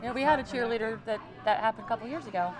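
A woman's voice: on the high side, very fast, a crowd in the background. A woman cheer coach in a casual interview, dry and matter-of-fact.

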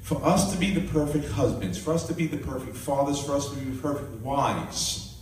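A male minister preaching a live sermon and telling a personal story with lively, animated delivery. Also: medium pitch, a little fast. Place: live church gathering. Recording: echoey room, mic at a distance, faint noise.

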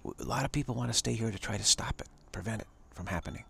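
A man's voice: lowish voice, very fast, gravelly, a bit bright, slight background noise. A man giving an emphatic spiritual talk on a live stream. He repeats phrases for emphasis and chuckles often.

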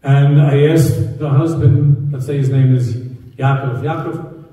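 A man's voice: medium pitch, little pitch movement, a little slow, dark tone. A man giving a sermon as a rabbi, telling stories conversationally and repeating key phrases for emphasis. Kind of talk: sermon to a live audience. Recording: echoey hall, distant mic.

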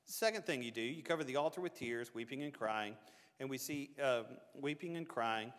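A man's voice: medium pitch, animated, a little fast, a bit bright. A man preaching a sermon in a church, in a conversational style that keeps checking in with the congregation. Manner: conversational preaching with tag questions. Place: church sanctuary. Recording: church hall reverb.

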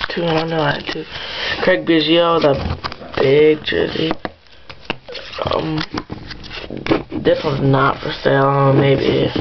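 A young man in a casual vlog, showing his card collection and naming the cards haltingly, with many fillers. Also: fairly high pitch, gravelly. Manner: mumbling, lists items haltingly with many fillers. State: annoyed after a chipped tooth. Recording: muffled lo-fi home recording with background noise.

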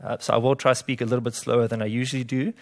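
A man's voice: medium pitch, flat delivery, racing. Dry-humored South African man presenting. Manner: dry self-deprecating humor. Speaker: conference speaker. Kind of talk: conference talk. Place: conference room.

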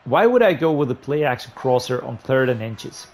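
A man giving gameplay commentary on a football video game, muttering low between plays and breaking into loud, frustrated outbursts. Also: very animated, normal speed. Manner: frustrated, ranting and swearing at the game. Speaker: gaming YouTuber.

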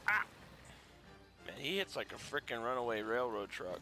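A man giving playful let's-play commentary, excitable and jokey, taunting the monster he fights. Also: mid-range voice, moderate pace, faint music behind. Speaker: gaming YouTuber.

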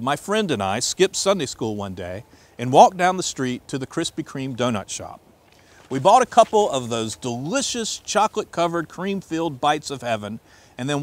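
A man preaching as a pastor, reading scripture aloud and telling stories in an expressive way, swinging between loud and hushed. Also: on the high side, normal speed.

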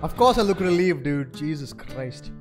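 A man's voice: fairly high pitch, sing-song, moderate pace, soft background music. A man streaming a video game, signing off in a loose, profane, chatty way. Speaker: gaming streamer. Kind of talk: casual stream outro.

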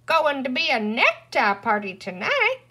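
A shrill, cackling little old woman from a storybook world, green and withered, gloating in a drawling cowboy twang, as a woman reader puts her on. Her voice climbs high and swoops wildly. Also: wildly swooping pitch, measured pace, bright, forceful tone, husky, exaggerated voice. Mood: gossipy gleeful.

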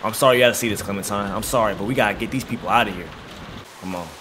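A man streaming a horror game, reacting loudly and talking along with the characters. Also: on the low side, very fast, background noise. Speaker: gaming streamer. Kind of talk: let's play commentary.

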